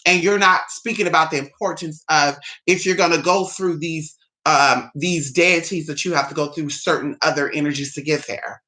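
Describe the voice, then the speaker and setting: Sassy American spiritual vlogger, bright and forceful, cusses, mocks with big pitch swings. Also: moderate pace, few pauses. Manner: sassy, blunt, swears; mocking, with big pitch jumps. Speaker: spiritual YouTuber. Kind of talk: casual opinion monologue.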